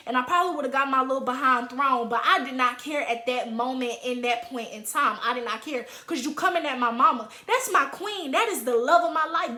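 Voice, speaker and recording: A young woman in her twenties telling a story in a casual vlog, animated and dramatic, with acted quotes. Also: sits high. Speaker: vlogger. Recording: roomy echo.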